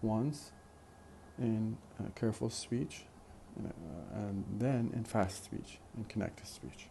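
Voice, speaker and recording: A man teaching a phonetics lesson in a slow, deliberate way, repeating example questions. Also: on the low side, gravelly, mellow, a little hiss or hum. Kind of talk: recorded lecture.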